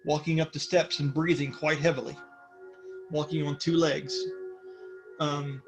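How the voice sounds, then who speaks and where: A man running a tabletop role-playing session and describing the scene to his players. His voice is fairly high for a man. He rambles in a relaxed way and fills his pauses with many ums. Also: faint music behind. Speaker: game master. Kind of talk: narrating a tabletop game.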